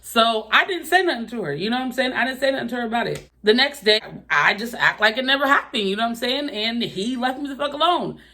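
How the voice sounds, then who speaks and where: A young woman vlogger telling a personal story in a casual, profane, animated way, acting out her own outbursts. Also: on the high side, quick pace, hardly any pauses. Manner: profane, animated retelling with exaggerated quoted outbursts.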